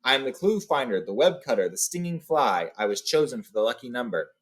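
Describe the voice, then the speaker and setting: A man's voice: medium pitch, sing-song, a little fast, a bit bright, slightly rough. A man voicing a small, clever male hobbit burglar who speaks politely and in riddles. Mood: flattering.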